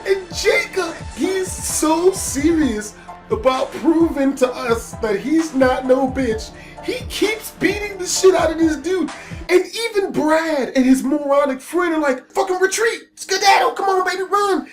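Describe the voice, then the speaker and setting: Male storyteller, casual storytime, profane, animated, faint music behind. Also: very high voice, unhurried. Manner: profane, animated, laughing at his own story. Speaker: YouTube storyteller.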